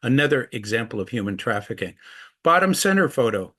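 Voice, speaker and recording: A middle-aged male activist against human trafficking tells stories earnestly in a presentation, acting out the voices of people he quotes. His mid-range voice is sharp and sing-song, and he talks a little fast.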